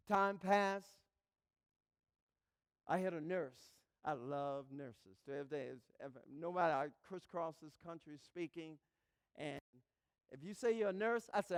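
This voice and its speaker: High-pitched guy giving a fired up motivational talk on stage, goes quiet then loud. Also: normal speed, clean tone, in a large hall. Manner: passionate storytelling, swings from hushed to shouting. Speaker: motivational speaker. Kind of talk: live motivational speech. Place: live event hall, in front of an audience.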